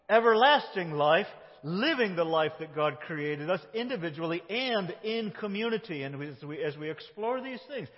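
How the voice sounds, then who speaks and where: A man with an American accent preaching a sermon as pastor, swinging from loud emphasis to soft, quiet phrases. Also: high-pitched, big-room sound, muffled recording. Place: church sanctuary.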